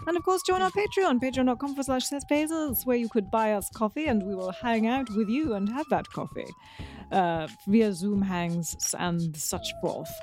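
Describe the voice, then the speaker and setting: A woman's voice: a little high, animated, moderate pace, darkish tone. A woman co-hosting a podcast, signing off in a teasing, playful way. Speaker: podcast co-host. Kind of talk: casual podcast outro chat.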